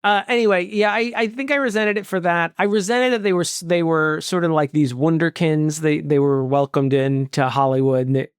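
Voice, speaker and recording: A man's voice: a little high, fairly quick, hardly any pauses, clear, resonant tone, dry recording, clean studio sound. A man co-hosting a comedy podcast, riffing sarcastically in casual chat. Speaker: podcast co-host.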